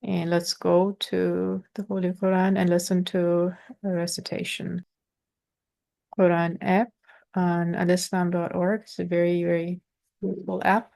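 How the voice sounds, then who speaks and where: A woman teaching pronunciation in an informal lesson, patiently explaining with halting pauses and sounding out letters. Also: fairly low pitch, little pitch movement, vocal fry, dark tone.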